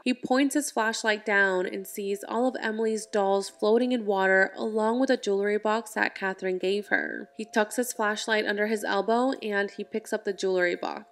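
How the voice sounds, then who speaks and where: A woman narrating a movie recap in a chatty, casual way, with frequent filler words. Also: mid-range voice.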